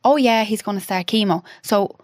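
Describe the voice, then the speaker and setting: A woman in her thirties, a podcast guest telling an emotional personal story. She talks haltingly, with restarts and quoted dialogue. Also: medium pitch, no echo, studio quality.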